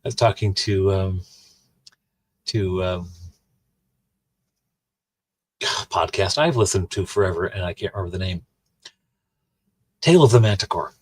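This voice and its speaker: A man's voice: low-pitched, moderate pace, pauses often, breathy edge. A man rambling in casual chat with his livestream viewers, full of restarts and asides. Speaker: streamer and host.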